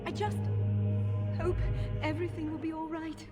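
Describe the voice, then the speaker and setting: A woman's voice: very high voice, little pitch movement, normal speed, loud music behind the voice. An actress playing a frightened village woman in a video game, shy and hesitant, with reverberant game audio. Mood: anxious.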